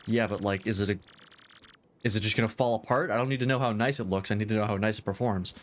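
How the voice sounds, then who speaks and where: A man's voice: lowish voice, quick pace, slight background noise. A man chatting casually while streaming a game at home, rambling and self-deprecating, swearing now and then. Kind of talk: casual gameplay chat. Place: home room with a VR setup.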